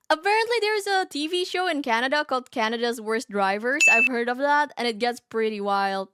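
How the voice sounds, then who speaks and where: A woman streamer reading a story aloud and reacting in casual chat, animated and giggly, often laughing. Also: sits high, normal speed, very noisy. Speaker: VTuber streamer.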